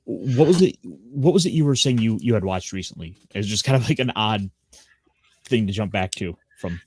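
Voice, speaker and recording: A man's voice: fairly low pitch, expressive, normal speed, a little mellow, husky. A man on a casual anime livestream chat who speaks in thoughtful, articulate phrases.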